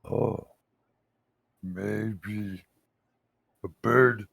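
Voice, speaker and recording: Gravelly, slow-talking man player. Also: fairly low pitch, no echo. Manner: slow, terse and deadpan. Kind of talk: in-character tabletop role-play.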